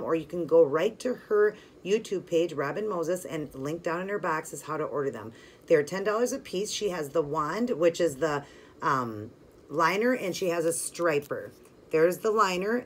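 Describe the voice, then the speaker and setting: A woman with a low, slightly rough voice hosts a nail art channel, narrating a casual step-by-step tutorial while working with her hands. Chatty and friendly, she explains as she goes, filling her speech with "like" and "you know."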